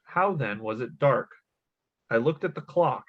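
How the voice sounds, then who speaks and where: Casting: man, thirties, podcast host, mid-pitched, casual storyteller, slightly dull lo-fi sound. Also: animated, a little slow. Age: 30s. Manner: laughs often, swears casually. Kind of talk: casual podcast chat, reading a story aloud.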